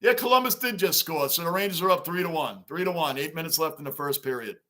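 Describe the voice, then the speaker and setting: Bright-voiced animated man chatting on a stream. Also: a little high, quick pace. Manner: chatty, animated, talks to chat viewers by name. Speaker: livestream host. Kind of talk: casual sports livestream chat.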